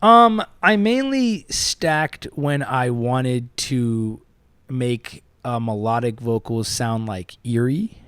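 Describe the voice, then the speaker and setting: A man hosting a casual studio chat, jumping between loud excited bursts and soft asides as he tells stories. His voice sits at a middling pitch and is recorded close and dry. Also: takes it slowly, clean tone, no room sound. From Southern US, Tampa. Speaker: podcast host and musician.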